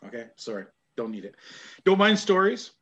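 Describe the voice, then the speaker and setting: A Canadian man hosts a wrestling podcast in a loose, chatty way. He jokes, laughs easily and grumbles about what he dislikes, at an ordinary middle pitch. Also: very animated, normal speed, fairly bright tone, highs cut off. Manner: jokey, grumbling, laughs often. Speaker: podcast host. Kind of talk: casual chat.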